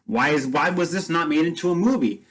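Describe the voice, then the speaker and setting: A man's voice: on the high side, lively intonation, fairly quick, a bit bright, rough recording. A man casually retelling a film story as a vlogger, rambling with many restarts and fillers.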